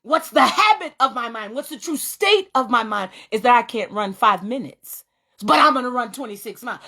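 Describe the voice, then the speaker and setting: A woman hosts a faith-based talk and tells a personal story with real animation. Her pitch swoops up and down as she goes, though it sits in a middle register. She laughs easily as she talks. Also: fairly bright tone. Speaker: host.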